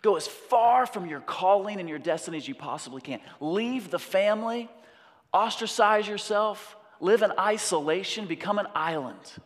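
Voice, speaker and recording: A man's voice: sits high, lively intonation, normal speed, voice pushed up. A man voicing a scheming male lion villain, a cruel uncle who hurls accusations, heard with a long hall reverb. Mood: urging. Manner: accusing, urgent, raised and drawn out.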